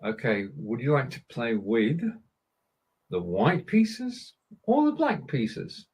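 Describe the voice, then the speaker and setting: Husky guy hosting a chill chat, tries german sentences kinda haltingly. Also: medium pitch, wildly swooping pitch, a little mellow, rough recording. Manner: chatty, reads German sentences hesitantly. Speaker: podcast host. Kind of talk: casual chat, language lesson.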